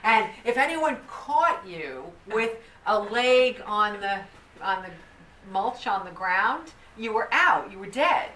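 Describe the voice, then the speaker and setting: A woman telling a story to a group in a lively, animated way, often restarting her sentences. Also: mid-range voice, slow pace. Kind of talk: storytelling talk. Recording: echoey room from far off, faint noise.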